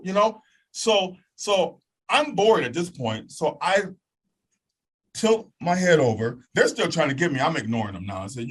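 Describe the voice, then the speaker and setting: A man with a slightly husky voice tells a story as a guest. His pitch rises and falls a lot as he acts out the moments. He keeps asking "okay?" to pull the listener along. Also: moderate pace, poor audio. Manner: lively, acts out voices and sounds, checks in with "okay?". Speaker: guest telling a personal testimony. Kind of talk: animated storytelling.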